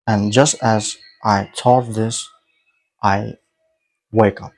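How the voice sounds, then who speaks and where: Slow, halting man telling a story. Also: fairly low pitch, steady tone, a little mellow, low-quality recording. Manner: halting, with frequent restarts and self-corrections. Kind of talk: casual dream storytelling.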